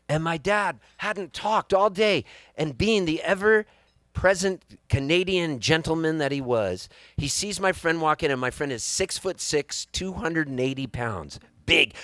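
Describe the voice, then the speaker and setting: A man in his fifties telling a long comic story live on stage, animated and rambling with wry timing. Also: fairly high pitch, no room sound, clean studio sound. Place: live music venue on stage.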